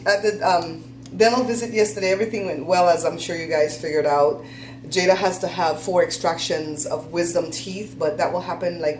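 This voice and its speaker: A woman's voice: on the low side, echoey room, slight background noise, poor audio. A woman hosting a casual chat, telling stories in a chatty, laughing, folksy way. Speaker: host.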